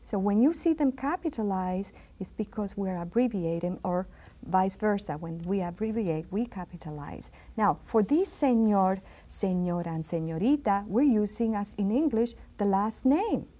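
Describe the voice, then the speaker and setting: A woman's voice: medium pitch, mellow. Patient woman teaching a language lesson. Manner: patient, repeats words slowly with clear emphasis.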